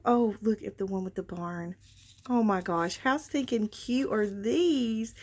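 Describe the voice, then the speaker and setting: A woman hosting a craft vlog, gushing excitedly over items and talking straight to her viewers in a casual show-and-tell style. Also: a little high, normal speed. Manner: gushing, excitable, frequent gasps and exclamations; addresses viewers as y'all. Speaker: craft channel host.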